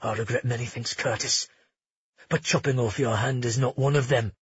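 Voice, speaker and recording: A man voicing a grim, vengeful young male warrior in an audiobook, low, curt and menacing. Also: fairly even intonation, normal speed, breathy edge, muffled recording.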